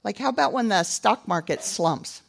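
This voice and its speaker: An older woman preaches in a casual, chatty way, poking gentle fun at herself as she tells stories. Her voice is gravelly with some vocal fry. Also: mid-range voice, expressive, moderate pace. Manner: chatty, self-deprecating. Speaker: speaker at a church gathering. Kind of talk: casual storytelling sermon.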